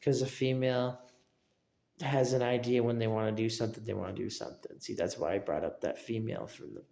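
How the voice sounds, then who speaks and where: Gravelly man rambling on stream. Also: medium pitch, steady tone, brisk, dark tone, roomy sound. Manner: rambling, repetitive, asks for agreement. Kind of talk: casual livestream rambling.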